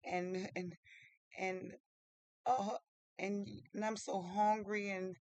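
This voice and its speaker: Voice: mid-range voice, flat delivery, slow, no room sound, natural voice. A storyteller voicing a vain young prince who becomes lonely and desperate, with plaintive cries and repeated exclamations. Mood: pitying. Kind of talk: casual story retelling.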